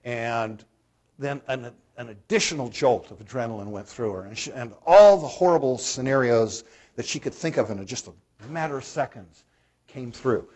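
A man's voice: medium pitch, animated, moderate pace, darkish tone, breathy edge. A man preaching a sermon as a pastor, telling a story in a conversational way and putting questions to the congregation.

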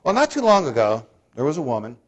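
Man, pastor, sermon, husky voice, conversational storyteller, asks the congregation questions. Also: mid-range voice, huge pitch swings, fast talker.

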